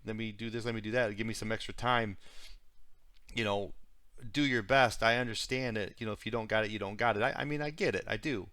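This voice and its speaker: A man's voice: mid-range voice, pushed and bright, no room sound, studio quality. A man giving casual commentary on video clips he reacts to, musing and repeating himself with many fillers.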